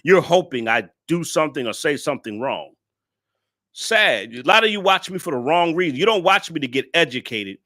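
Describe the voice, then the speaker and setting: A man's voice: a little high, lively intonation, normal speed, sharp tone. A man hosting a reaction video, talking in blunt, profane, ranting commentary and scolding his viewers. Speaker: male content creator reacting to a video.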